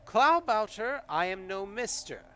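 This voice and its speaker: A man voicing a moody, half-mad little old male kobold in a solo tabletop game, talking in a shrill, fussy, indignant way. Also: big pitch swings, unhurried, a bit bright, slight background noise, exaggerated voice. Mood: insistent.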